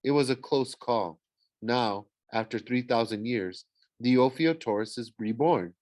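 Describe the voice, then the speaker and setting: A man's voice: medium pitch, unhurried, darkish tone, no echo, close to an everyday voice. A man voicing a solemn young huntress girl who speaks in a formal, old-fashioned way. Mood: grave.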